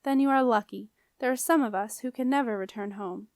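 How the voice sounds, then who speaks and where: A gentle, courteous ghost of a middle-aged man, as a woman reads him aloud in a storybook, with a sing-song northern lilt. His words come soft and formal, in a fairly high voice on a dry, close recording. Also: brisk, no echo, close to an everyday voice. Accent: sing-song northern accent.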